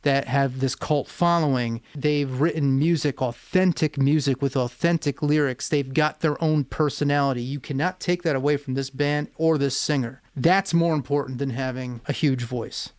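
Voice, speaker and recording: A man's voice: mid-range voice, fairly even intonation, moderate pace, hardly any pauses, no room sound. A man hosting a music reaction video as a vocal coach, talking casually, thoughtful and a bit rambling.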